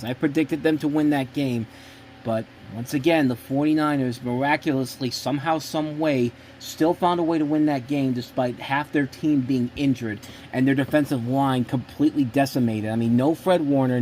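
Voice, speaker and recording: A man at a middle pitch talks through his sports picks in a loose, unscripted way. He is blunt and opinionated and often restarts his sentences. Faint noise sits behind him. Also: a little mellow. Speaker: host. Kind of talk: casual sports prediction talk.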